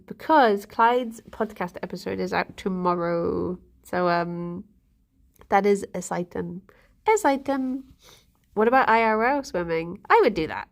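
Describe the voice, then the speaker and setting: A woman chatting casually on a live stream, rambling and giggling between fillers. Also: medium pitch.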